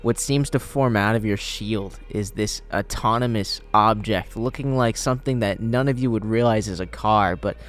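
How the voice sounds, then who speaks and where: A man's voice: fairly low pitch, moderate pace, hardly any pauses. A man narrating a tabletop game as game master in a laid-back, joking way. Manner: laid-back, laughing, swearing. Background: faint music.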